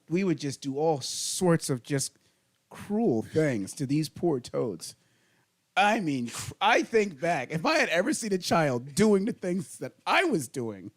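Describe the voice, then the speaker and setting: Animated middle-aged man telling stories. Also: on the high side. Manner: animated storyteller, laughing through funny stories. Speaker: podcast host. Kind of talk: casual storytelling chat.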